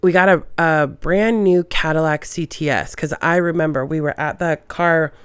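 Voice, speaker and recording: A young woman hosting a podcast, telling casual stories with lots of swearing and animated retellings. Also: sits low, normal speed, clear, resonant tone, no echo. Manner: swears freely, animated retelling with quoted voices. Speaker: podcast host. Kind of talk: casual storytelling monologue.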